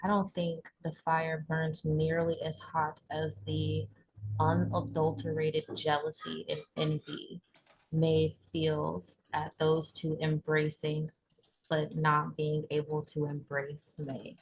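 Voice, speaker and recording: Woman tabletop player, very low voice, monotone, slow, husky. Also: poor audio. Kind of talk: narrating her character in a tabletop game.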